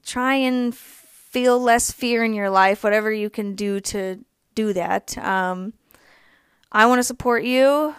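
A woman's voice: on the high side, slow, clear, resonant tone, no room sound. A young woman co-hosting a podcast, ranting emphatically in a heated personal monologue, swearing freely. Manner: emphatic, swears freely, laughs between points. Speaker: podcast co-host.

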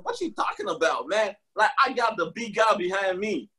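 A man's voice: sits high, lively intonation, normal speed, bright, forceful tone. A man preaching with passion on a live broadcast, repeating his key phrases and calling out to listeners with "y'all.".

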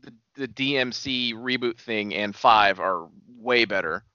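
Male co-host, dry plot recapper, bright voice, muffled lo-fi sound. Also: lowish voice, a little slow, smooth, dry recording. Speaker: podcast co-host. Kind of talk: casual movie chat.

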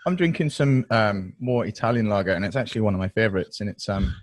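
A man's voice: on the low side, quick pace, dry recording. Male podcast host, playful ribbing delivery, dry room. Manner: teasing, excitable. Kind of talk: casual chat.

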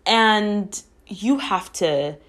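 A woman's voice: mid-range voice, lively intonation, drawn-out words, a bit bright. A woman hosting a podcast, giving an earnest, encouraging monologue with candid talk and frequent swearing. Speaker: podcast host. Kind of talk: casual reflective monologue.

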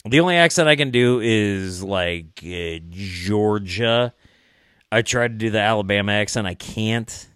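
Low-voiced male podcast guest, rambling and laughing, dry sound. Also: measured pace, fairly bright tone, smooth, dry recording. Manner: rambling, laughs often, swears freely. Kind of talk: casual podcast chat.

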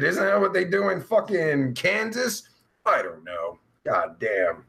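High gravelly guy ranting and cussing on his live show, swings all over. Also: sing-song, pushed and bright. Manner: profane, rambling, quick to laugh and rant. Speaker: live show host reading chat. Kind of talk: casual live-stream chat. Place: alone at home.

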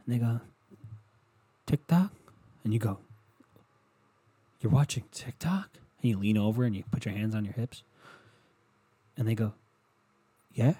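A man's voice: lowish voice, flat delivery, brisk, long pauses, warm tone, slightly rough. A young man hosting a solo comedy podcast, rambling crudely and self-deprecatingly while acting out other people's voices. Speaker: podcast host.

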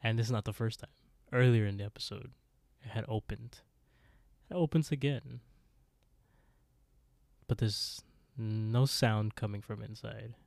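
Slow, low-voiced man in a dry room. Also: gravelly, darkish tone, no room sound. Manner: laid-back, easily amused, dry asides. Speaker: podcast co-host. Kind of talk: casual recap chat.

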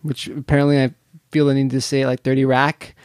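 A man's voice: medium pitch, flat delivery, quick pace, mellow, smooth, no echo, clean studio sound. A man co-hosting a podcast in casual chat, talking eagerly and often restarting his sentences. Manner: chatty, repeats words when he restarts. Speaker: podcast co-host.

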